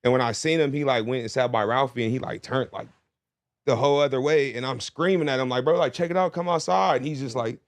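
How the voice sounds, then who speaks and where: A man, a rapper, telling a story in casual podcast chat, animated, with constant "you feel me" asides. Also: mid-range voice, fast, no echo. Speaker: rapper guest.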